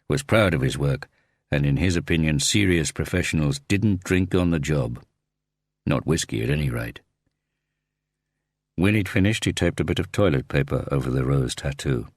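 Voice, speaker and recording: A man reading a thriller audiobook in a steady, measured narration. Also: low voice, no room sound, studio quality.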